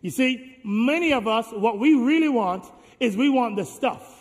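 A man preaching a sermon as pastor, calling on the congregation to answer back and swinging between hushed lines and shouts. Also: extremely high pitch, expressive, a little slow, in a large hall.

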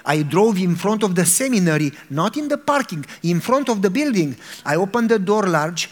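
High-voiced, animated pastor from Romania. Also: male voice, normal speed. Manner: animated, laughing storyteller acting out his own frustration. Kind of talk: storytelling sermon.

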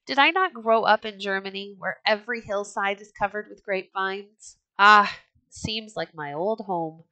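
A woman reading the part of Tyrker, a small, excitable older man, with eager emphasis. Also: medium pitch, normal speed, dry recording. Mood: excited.

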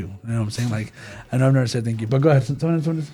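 A young man in a casual church group discussion, talking in an animated, slangy way with many fillers and restarts. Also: mid-range voice, rapid-fire. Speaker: church youth group member.

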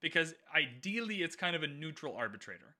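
Young guy podcasting about a book, super bright voice, bouncy pitch all over, lots of "like" and restarts. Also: very animated, a little fast. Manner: rambling, lots of "like" fillers and restarts. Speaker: podcast co-host. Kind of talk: casual book discussion.

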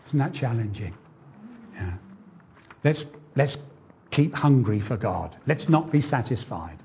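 A man preaching a sermon, slow and earnest, asking the congregation rhetorical questions. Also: mid-range voice, expressive, warm tone, breathy edge, lo-fi sound. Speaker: pastor.

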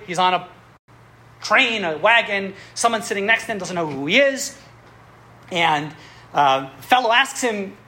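A woman teaching a class on Jewish history, telling stories in an animated way with frequent chuckles and restarts. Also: fairly high pitch. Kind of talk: classroom lecture with storytelling. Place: classroom with students.

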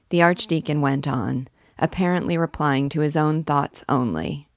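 A woman narrates a classic novel in a measured, deliberate way. Her voice is low and her pace slow, recorded close and dry with no room echo. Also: gravelly. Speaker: book reader, teacher. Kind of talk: reading a novel aloud.

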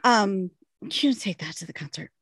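Casual female co-host, lively storyteller with a wide pitch swing and a dry close sound. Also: unhurried, slightly rough, no room sound. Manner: animated storyteller, laughing, swearing, acting out her own panic. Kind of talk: casual chat.

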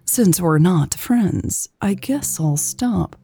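A woman narrator voicing a gentle, playful young woman in a romance audiobook, speaking softly in a hushed voice. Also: lowish voice, lively intonation, slow pace, husky, heavily acted. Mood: teasing. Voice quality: soft, hushed.

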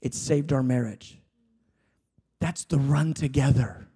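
A man preaching a sermon, swinging between fervent shouted appeals and hushed, conversational storytelling. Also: medium pitch, fairly even intonation, slow, breathy edge. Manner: conversational, self-deprecating anecdotes.

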